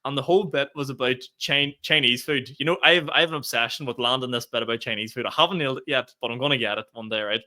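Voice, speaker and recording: A man co-hosts a casual comedy podcast, telling stories in an animated, sweary way. His voice is bright and forceful, with a touch of huskiness from feeling a bit under the weather. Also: mid-range voice, quick pace, hardly any pauses. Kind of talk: casual chat.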